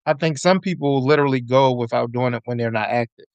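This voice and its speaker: Gravelly man telling loose stories. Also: medium pitch, fast talker, no echo, highs cut off. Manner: loose, profane storytelling with slang. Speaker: podcast guest. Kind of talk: casual chat.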